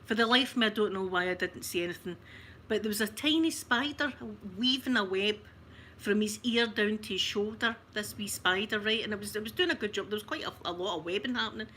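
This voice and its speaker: A Scottish woman telling a funny family story on her livestream, chatty and animated, often breaking into laughter. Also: medium pitch, fairly quick, a little hiss or hum. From Scotland. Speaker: ASMR livestream host.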